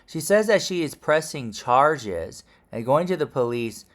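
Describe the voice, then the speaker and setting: A man's voice: on the high side, big pitch swings, measured pace, a bit bright. A man hosting an online gossip news commentary show, exclaiming and reacting before setting up the next story.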